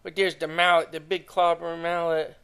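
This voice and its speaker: A man's voice: a little high, level tone, moderate pace, a bit bright, smooth. A young man casually narrating a drawing tutorial, chatty and enthusiastic, talking straight to his viewers.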